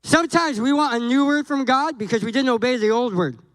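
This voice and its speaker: Man, pastor, sermon, very high voice, dry close sound, humorous, acts out dialogue. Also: brisk, clear, resonant tone, no echo, low-quality recording. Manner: animated, jokey, acts out dialogue with God and Moses.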